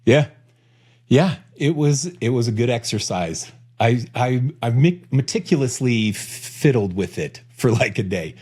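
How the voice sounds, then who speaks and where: Jokey male podcast host, mid-pitched. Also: unhurried, slightly rough. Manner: jokey and energetic, speeding up when excited. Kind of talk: casual podcast chat.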